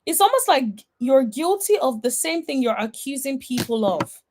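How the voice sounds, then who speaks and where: A woman's voice: high voice, big pitch swings, moderate pace, a little mellow, a little hiss or hum. A woman giving blunt, sassy reaction commentary on a reality TV episode, talking straight at the cast members. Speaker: reality TV recap vlogger.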